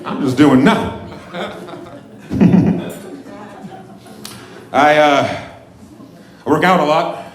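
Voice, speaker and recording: A man in his forties doing a crude, self-mocking stand-up set on a comedy club stage, breaking into shouted bits. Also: on the high side, very slow, pauses often. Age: 40s. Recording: roomy club with loud crowd. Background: audience laughter.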